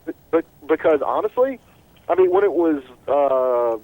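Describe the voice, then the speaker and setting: A man's voice: on the high side, moderate pace, no echo, poor audio. Guy hosting a sports radio show, bouncy up and down voice, rambles and restarts a lot. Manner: animated and rambling, with many restarts. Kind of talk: casual sports radio chat.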